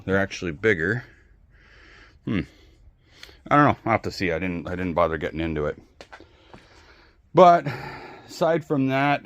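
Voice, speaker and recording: A man chatting casually in his home garage, rambling, swearing freely and filling pauses with ums. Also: on the low side, dry recording. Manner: rambling, profane, relaxed, many ums. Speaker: hobby video creator.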